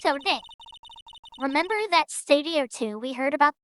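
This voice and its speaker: A woman's voice: high-pitched, lively intonation, moderate pace, fairly bright tone, slight background noise. Woman doing an eager young sidekick girl. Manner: eager, prodding.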